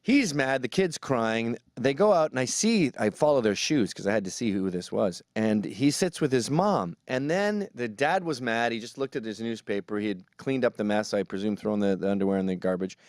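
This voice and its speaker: Animated, mocking male commentator. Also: medium pitch, moderate pace, few pauses, no room sound, studio quality. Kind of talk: sarcastic comedic commentary. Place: New York.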